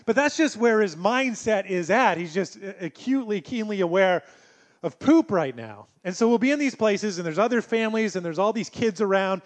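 A male pastor delivering a sermon in a conversational, storytelling way with gentle humor. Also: high voice, lively intonation, a little fast.

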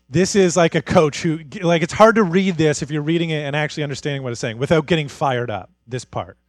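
A man preaching a sermon as pastor, moving from hushed, intimate passages to fired-up, rising declarations. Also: a little high, expressive, fairly quick, hardly any pauses, no room sound. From Canada.

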